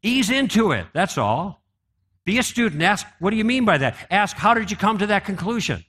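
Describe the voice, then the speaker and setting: A man's voice: sits high, very animated, normal speed, a bit bright, breathy edge. A man giving a conversational apologetics talk to a live audience, often asking them questions. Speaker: apologetics speaker.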